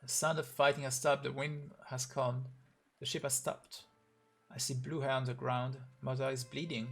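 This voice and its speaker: A man's voice: mid-range voice, little pitch movement, moderate pace, gravelly, fairly bright tone, faint music behind. A man on a live stream reading a game's story aloud, voicing every character in his own voice and getting emotional.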